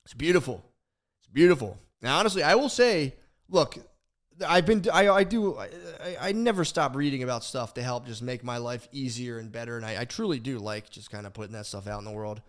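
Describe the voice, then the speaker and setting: A young man on a podcast tells a sprawling story off the cuff. He swears freely, trips over his words and restarts them, and slips into quick impressions of himself and others. His voice sits in an ordinary middle register. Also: medium pitch. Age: young adult. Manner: rambling, profane, animated, with restarts and mimicked voices. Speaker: podcast co-host.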